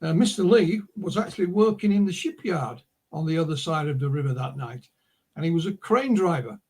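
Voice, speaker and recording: A man in middle age talks as an interview guest, winding through stories full of asides. His voice sits a little high and has a husky edge. He sounds casual and anecdotal rather than scripted. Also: a little fast, darkish tone. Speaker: author and publisher guest. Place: remote interview call.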